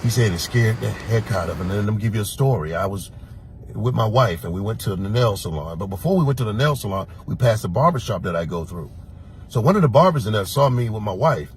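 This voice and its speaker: A man from Florida who works as a security officer, telling a personal story in an animated, emphatic way and acting out the lines he quotes. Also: on the low side, fast talker, slight background noise.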